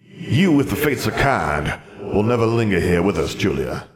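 A man's voice: deep voice, big pitch swings, quick pace, darkish tone. A man voicing a stern young officer's ghost. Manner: stern, formal.

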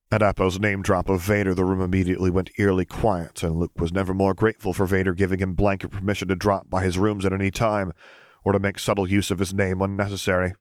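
Guy reading a story, real low voice, dry, steady and measured. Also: dry recording. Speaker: audiobook narrator. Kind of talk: scripted narration of fan fiction.

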